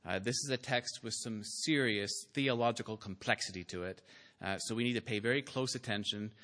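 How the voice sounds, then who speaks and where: A man preaching a sermon from a church pulpit, earnest and deliberate, building to emphatic, rising peaks and scattering the odd "uh". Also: fairly low pitch, a bit bright. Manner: slow, deliberate delivery with filler "uh"s. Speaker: pastor.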